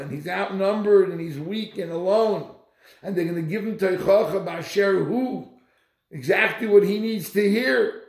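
A man giving a Torah lecture, telling stories in an animated, emphatic way, recorded in an echoey room. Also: high voice, creaky. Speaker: Torah teacher.

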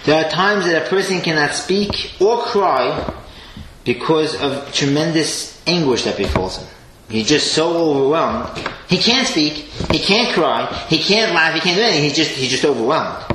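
A man teaching a Torah class with an animated delivery, swinging between loud emphasis and quiet asides and sprinkling in Hebrew and Yiddish terms. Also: a little high, normal speed. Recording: echoey room with faint noise.

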